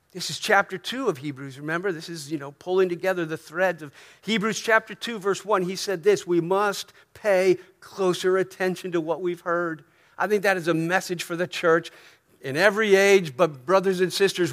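A man's voice: high voice, steady tone, moderate pace. A man with an American accent preaching a sermon as pastor, talking in a conversational way, often checking in with "right?" and rising to emphatic peaks. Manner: swings from soft asides to emphatic rises.

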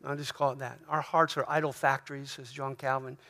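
A man's voice: mid-range voice, level tone, fairly quick, sharp tone. A middle-aged man preaching a sermon in an earnest, conversational way, often asking "right?" and restarting his phrases. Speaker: pastor.

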